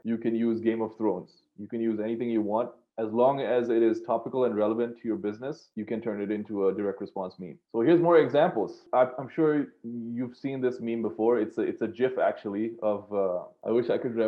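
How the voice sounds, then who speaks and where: A man teaching an online course, walking through examples on screen in a loose, rambling way with frequent restarts. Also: lowish voice. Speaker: course instructor. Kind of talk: screen-share tutorial. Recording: tinny phone-like audio.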